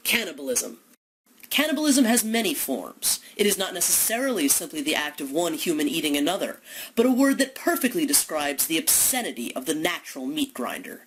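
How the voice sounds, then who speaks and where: A woman giving an impassioned, accusatory monologue full of rhetorical questions, building to loud declamation. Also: fairly low pitch, rough recording. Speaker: speaker delivering a philosophical monologue.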